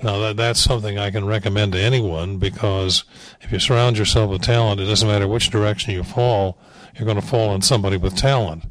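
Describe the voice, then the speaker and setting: An older man, a veteran animation director, rambles through anecdotes with wry, dry humor, full of fillers and restarts. His voice is on the low side and steady in tone, a little fast, captured in a dry but poor-quality recording.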